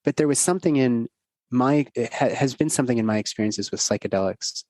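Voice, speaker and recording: A middle-aged man talks earnestly as a podcast guest, rambling from thought to thought. His voice sits in a middle pitch. The sound is dry and close. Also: quick pace, darkish tone, no echo. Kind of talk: casual podcast conversation.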